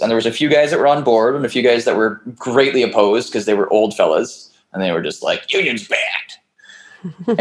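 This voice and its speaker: A man's voice: lowish voice, low-quality recording. A man, a podcast guest, telling a long personal story in casual chat, rambling with restarts, fillers and the odd swear word.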